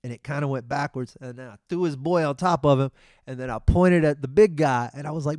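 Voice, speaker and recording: A middle-aged man, hosting his podcast and telling a story in a casual, profane, animated way. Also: a little high, fast, dry recording, studio quality. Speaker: podcast host.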